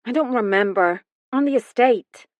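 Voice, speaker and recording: A woman's voice: a little high, lively intonation, moderate pace, dry recording, muffled recording, voice pushed up, close to an everyday voice. A woman voicing a defiant young woman who answers questions sharply and evasively. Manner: sharp, defensive retorts.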